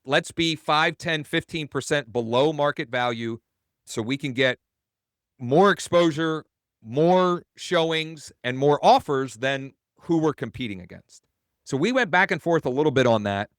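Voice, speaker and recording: A man's voice: a little high, measured pace, no room sound, studio quality. Casual man telling a sales story. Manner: casual, rambling, self-correcting. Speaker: real estate coach. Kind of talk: webinar teaching, storytelling.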